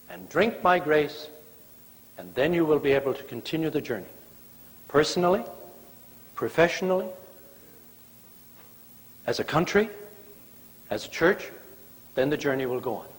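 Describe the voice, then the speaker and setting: Lively preacher man in a reverberant church. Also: fairly high pitch, moderate pace, long pauses. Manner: storytelling with playful, acted-out quotes. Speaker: guest preacher. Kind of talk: sermon. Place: church sanctuary.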